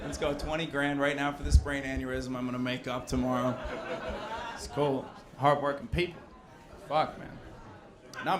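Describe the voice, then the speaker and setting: Brash, high-voiced young comedian. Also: male voice. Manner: brash, profane, crowd-working. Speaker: stand-up comedian. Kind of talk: stand-up comedy set. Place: basement of a loud bar. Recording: live crowd in a bar basement. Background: laughing audience.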